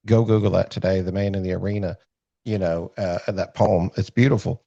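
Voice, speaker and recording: A man with a low, steady, gravelly yet mellow voice talks fairly quickly with no echo. He's a podcast host telling a story over a video call in a rambling, self-deprecating way full of fillers and restarts, a casual storytelling chat in dull lo-fi call audio.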